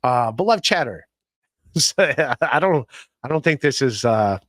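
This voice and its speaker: A man's voice: mid-range voice, very animated, a little slow, a bit bright, no room sound, studio quality. A man hosting a podcast, talking casually in a rambling way, with many fillers and restarts. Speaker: podcast host. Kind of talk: casual chat.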